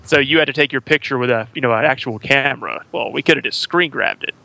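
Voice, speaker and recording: A man's voice: medium pitch, fast talker, creaky, bright, forceful tone, slight background noise. A man co-hosting a podcast, rambling through stories in casual banter. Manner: rambling storyteller, jokey. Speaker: podcast co-host. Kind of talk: casual chat.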